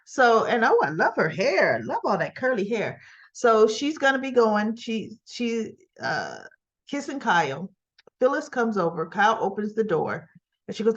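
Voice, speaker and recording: A woman's voice: medium pitch, big pitch swings, moderate pace, dull audio. A woman casually recapping soap opera scenes, retelling them in quoted lines with chatty asides.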